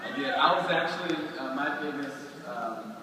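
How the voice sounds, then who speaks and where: A man in his twenties from Florida, telling lively stories to a live audience and acting out the quotes. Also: medium pitch, normal speed. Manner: animated storyteller acting out quotes. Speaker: guest speaker. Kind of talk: storytelling talk to a live audience. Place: large hall with audience. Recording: roomy hall recording from far off, noisy.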